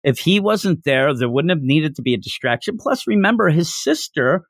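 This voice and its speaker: A man hosting a podcast, retelling a chapter in an animated, enthusiastic way. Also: on the high side, moderate pace, dry recording, studio quality. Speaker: podcast host. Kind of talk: casual chapter recap.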